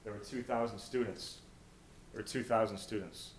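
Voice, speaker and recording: An American man speaks from a stage in a big, echoey college auditorium. His voice sits fairly low and mostly level, with a faint hum of noise behind it. He tells inspiring stories, dropping to a hush and then rising loud. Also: fairly even intonation, moderate pace. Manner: storytelling, swings from hushed to loud. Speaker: motivational speaker.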